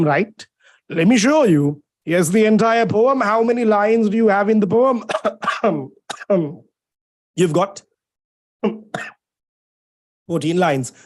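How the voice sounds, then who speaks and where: A young man with a Sri Lankan English accent teaches a poem in a lively live lecture, with a fairly high voice. He teases his students and draws out key words slowly for dramatic effect. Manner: lively, playful and teasing, drawn-out dramatic emphasis.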